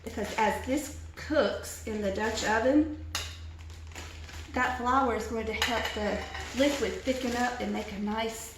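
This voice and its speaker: A woman's voice: on the high side, heavy reverb, recorded from a distance, very noisy. A woman giving a casual cooking demonstration in her home kitchen, chatty and self-mocking, laughing often. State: teary from chopping onions.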